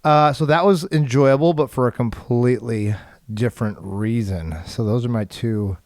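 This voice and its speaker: A man's voice: medium pitch, moderate pace, darkish tone, no echo, clean studio sound. A man co-hosting a film podcast, rambling casually with lots of fillers and chuckles. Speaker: podcast co-host. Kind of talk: casual chat.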